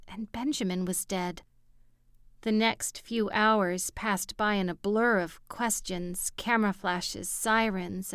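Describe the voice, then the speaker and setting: A woman narrating a romance audiobook in a steady, even storytelling manner, on a studio mic. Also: mid-range voice, smooth, no echo. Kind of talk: scripted narration.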